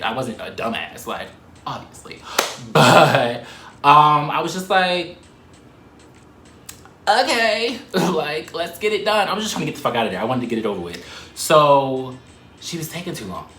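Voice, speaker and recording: A man telling a story to the camera in a casual, animated way, swearing and laughing often. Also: mid-range voice, normal speed, echoey room, slight background noise.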